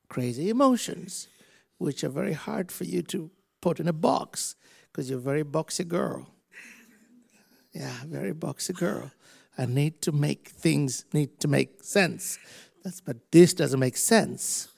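A man preaching and praying over a person, slow and emphatic, shouting commands then softening to near whispers. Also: a little high, gravelly, slightly rough. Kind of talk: prophetic ministry and prayer.

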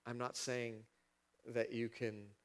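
A man preaching a sermon as pastor, animated and building to emphatic peaks, dramatizing scripture with voiced asides. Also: mid-range voice, takes it slowly.

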